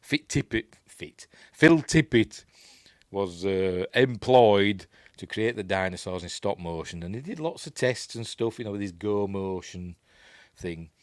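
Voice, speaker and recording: A Yorkshire man talks through a film in a relaxed, meandering way, pausing often to search for words and wander off on tangents. His voice sits on the low side and comes across close and dry, with no room sound around it. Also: dry recording. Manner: rambling, hesitant, full of asides. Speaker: film reviewer. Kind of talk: casual film commentary over playback.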